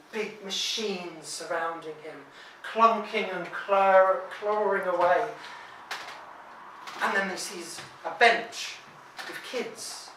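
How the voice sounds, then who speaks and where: A woman telling a spooky story to a live audience, dropping to hushed tones and bursting out loud. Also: medium pitch. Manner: dramatic hushed drops and loud outbursts. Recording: echoey room from far off, light noise.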